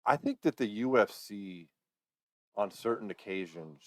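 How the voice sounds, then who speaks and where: Deep-voiced man co-hosting a fight podcast. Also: lively intonation, measured pace, no echo. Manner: opinionated, acts out fighters' lines. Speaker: podcast co-host. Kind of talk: casual chat.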